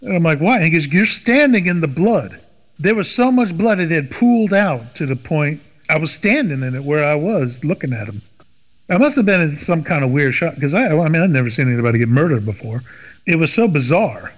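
A man's voice: a little high, brisk. A middle-aged man from Washington, D.C., telling a story in casual conversation and acting out the voices of the people in it. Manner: animated, acts out quoted voices. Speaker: podcast guest. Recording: dull lo-fi sound with long reverb.

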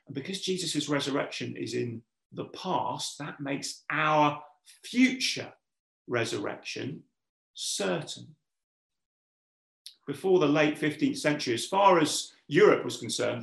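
A man's voice: fairly high pitch, vocal fry, fairly bright tone. A man preaching a sermon, earnest and putting questions straight to his listeners. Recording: echoey room.

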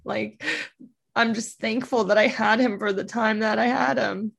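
A woman's voice: a little high, fairly even intonation, measured pace, creaky. A young adult woman speaking openly as an interview guest, casual and emotional, saying "like" and "you know" often. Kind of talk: candid interview conversation. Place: in Los Angeles.

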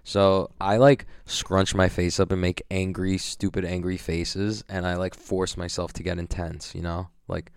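A man's voice: low-pitched, level tone, a little slow, vocal fry, hardly any pauses, smooth, dry recording, studio quality. A young man recapping his competition day in a casual vlog, swearing freely and rambling with lots of "like" and filler words. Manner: profane, rambling, full of likes and fillers. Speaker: grappling competitor.

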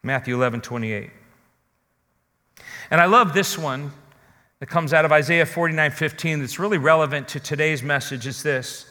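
Man, pastor preaching a sermon, earnest, emphatic, bright tense tone, long reverberant hall. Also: a little high, animated. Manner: earnest, direct questions to listeners, slow emphatic stresses.

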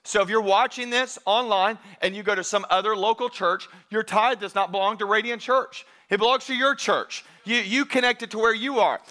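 A high-voiced pastor with a bright, clear, forward tone talks conversationally to his congregation during a sermon. He moves at a moderate pace with few pauses, leaning hard into the scripture he quotes.

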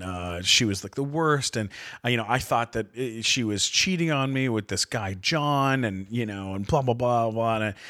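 A man's voice: mid-range voice, no room sound. Guy in his 30s telling a story on his podcast, swears a lot, rambles, dry close sound. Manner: profane, rambling, animated. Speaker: podcast host, comedian. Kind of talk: casual comic storytelling.

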